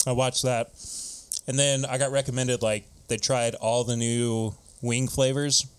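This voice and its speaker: A man co-hosting a casual podcast chat, animated and laughing often, at times talking with food in his mouth. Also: mid-range voice, measured pace, smooth. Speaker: podcast co-host.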